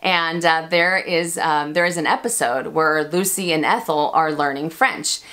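A chatty American woman hosts a casual handbag Q&A vlog as a luxury handbag YouTuber. Her low-pitched voice is a bit bright, with fairly even intonation and a slightly slow pace, and she laughs often while poking fun at herself.

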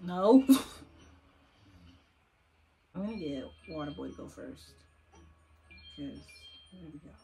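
A woman's voice: fairly low pitch, lively intonation, takes it slowly, pauses often, warm tone, slight background noise. A young woman giving casual let's-play commentary at her computer, chatting to the viewers and coaxing and teasing the game characters. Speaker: gaming YouTuber. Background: faint game music.

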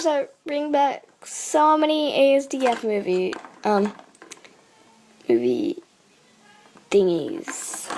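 A woman's voice: fairly high pitch, warm tone, a little hiss or hum. A woman chatting casually in a reaction video, reading titles aloud in a playful way.

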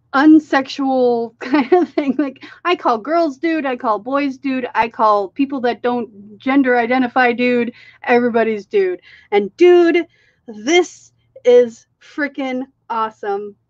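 A woman from Minnesota with a Minnesotan accent, chatting excitedly on her art live stream and calling everyone dude. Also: sits high, no room sound, dull audio. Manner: chatty, excitable, says dude and y'all often. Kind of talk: casual live stream chat.

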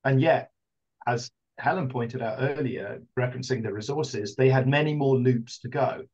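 Husky-voiced man on lo-fi call audio. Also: medium pitch, moderate pace, darkish tone. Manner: earnest storytelling with hedging fillers. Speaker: round table guest. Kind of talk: reflective panel discussion.

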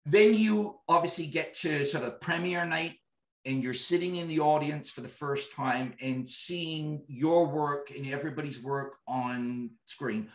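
A man's voice: fairly high pitch, a little slow. A man interviewing a guest, asking casual questions with many restarts and fillers. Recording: echoey room, voice distant from mic.

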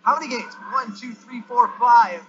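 A high-pitched male gamer with a bright, sharp voice commenting on his play. He is excitable, yelping and groaning as things go wrong. The recording is dull and lo-fi with a faint hiss underneath. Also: moderate pace. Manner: excitable, yelps and groans at the game.

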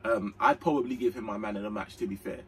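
A man's voice: fairly low pitch, quick pace, far from the mic, a little hiss or hum, rough recording. Slangy young man reacting to a match. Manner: slangy, excitable, rambling. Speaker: fan channel host.

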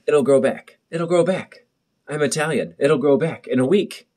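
A man's voice: a little high, moderate pace, a little mellow. A young man vlogging at home in his bathroom, nervous and rambling, joking to the camera, recorded on a muffled built-in camera mic. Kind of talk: casual chat to camera.

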